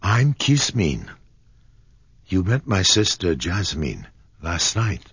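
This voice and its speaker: A man voicing a proud, innocent teenage girl with a breathy, girlish manner in a storybook reading. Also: deep voice, big pitch swings, slow pace, a bit bright, no echo, lo-fi sound, heavily acted. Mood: eager.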